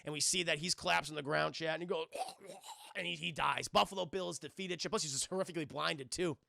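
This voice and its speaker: A man's voice: on the high side, steady tone, fast, creaky, bright, forceful tone, no echo, clean studio sound. A young man streaming a casual, profane, rambling film recap, talking constantly to his live chat.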